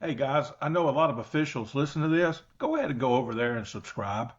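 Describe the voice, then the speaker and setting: A man's voice: mid-range voice, big pitch swings, fast talker, slightly rough, lo-fi sound. A man from the Southern United States with a Southern accent, a football coach guest talking in a folksy, self-deprecating way. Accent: Southern American. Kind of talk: casual podcast chat.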